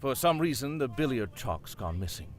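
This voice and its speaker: Guy doing a stuffy old boastful captain, talks down, big lively swoops. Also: mid-range voice, normal speed, natural voice. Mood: pompous. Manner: pompous, condescending. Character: pompous boastful old male sea captain.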